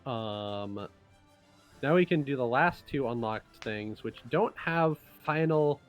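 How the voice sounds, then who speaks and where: A man's voice: mid-range voice, expressive, slow, lo-fi sound, soft background music. A man hosting a casual livestream as a game designer, explaining game cards in loose, rambling talk. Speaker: game designer and stream host.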